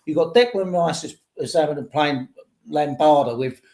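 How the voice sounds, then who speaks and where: A man's voice: fairly high pitch, moderate pace, a little mellow. An older man, a podcast host giving rambling, opinionated football talk. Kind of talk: casual football chat.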